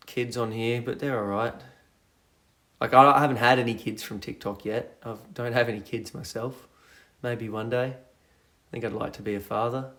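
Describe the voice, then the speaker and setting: Slow-talking playful man livestreaming. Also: mid-range voice, a bit bright. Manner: rambling, playful, reads out viewer comments. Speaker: livestream host. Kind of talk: casual livestream chat.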